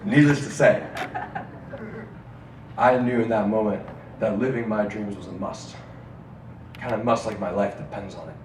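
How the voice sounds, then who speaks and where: A man giving an inspirational speech to a live audience in a student lounge, rousing the crowd into call-and-response chants and swinging between loud and hushed delivery. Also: fairly low pitch, steady tone, moderate pace, pauses often. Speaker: motivational speaker. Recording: roomy, distant mic, audience and room noise.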